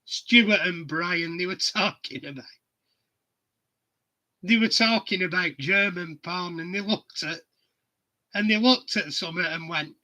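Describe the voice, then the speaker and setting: Man, middle-aged, high bright voice, slow casual storytelling chat. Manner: chatty storyteller, laughs at his own anecdotes. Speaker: livestream host.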